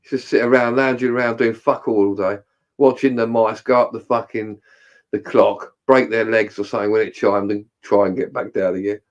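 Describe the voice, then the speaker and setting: A man's voice: lowish voice, fairly even intonation, a little fast, highs cut off. A man in casual chat, telling rowdy stories with plenty of swearing and laughter.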